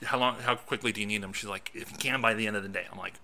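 Man, podcast co-host, lower voice, very bright tone, animated storytelling, casual chat. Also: racing, creaky. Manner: animated storytelling, acts out his own reactions. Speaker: podcast co-host and film critic.

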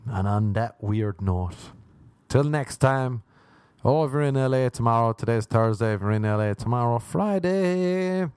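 A man's voice: mid-range voice, normal speed, darkish tone, smooth, dry recording. A young Irish man, a stand-up comedian, rambling self-mockingly through a casual podcast outro.

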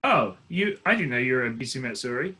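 Bright-voiced man co-host, short remarks. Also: mid-range voice, animated, quick pace, slightly rough. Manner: short dry interjections. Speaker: podcast host. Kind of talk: casual chat.

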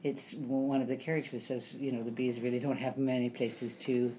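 Speaking a little fast in an extremely deep, flat, mellow voice, a woman actor chats as an interview guest, with slight hiss or hum in the background. She's a chatty storyteller, dropping frequent ums and performing the lines of the people in her anecdotes.

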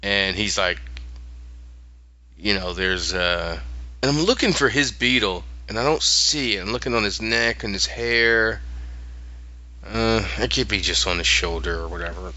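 Male podcast host, animated and chatty, very bright and tense tone, lo-fi audio. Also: fairly low pitch, unhurried. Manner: animated, laughing, many restarts. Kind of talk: casual chat recapping a TV episode.

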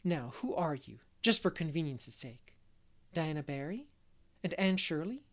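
A man reading aloud, voicing a lively middle-aged unmarried woman who loves make-believe and gushes over her guests. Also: fairly high pitch, a little slow, exaggerated voice. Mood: delighted. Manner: gushing, fond of make-believe. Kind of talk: storybook character reading.

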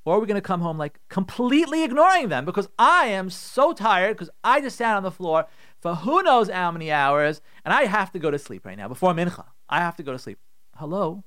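A man's voice: sits high, very animated, a little fast, fairly bright tone, no room sound, clean studio sound. A middle-aged man, a rabbi hosting a radio show, giving emphatic, repetitive advice and acting out the complaints he quotes. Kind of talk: animated radio advice talk.

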